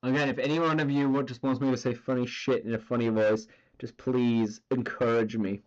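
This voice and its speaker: A man's voice: mid-range voice, level tone, a little fast, darkish tone, dull audio. A man chatting casually on a drawing stream, rambling and swearing as he goes. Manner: rambling and profane, full of filler words.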